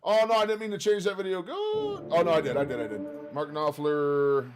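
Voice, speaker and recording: A man's voice: high-pitched, expressive, rapid-fire, noisy background. A man from the United States hosting a casual live stream, chatting with viewers by name, laughing often as he reacts to music. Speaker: streamer host.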